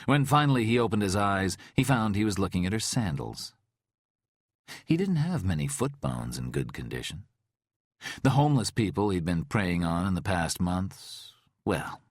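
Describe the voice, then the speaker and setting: A man narrating an audiobook thriller in a slow, deliberate, tense way. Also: low voice, dry recording, studio quality.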